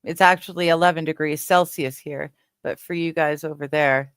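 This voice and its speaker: A man co-hosting a casual livestream, dropping slow, laid-back side comments. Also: fairly high pitch, fairly even intonation, fairly bright tone, smooth, dry recording, studio quality.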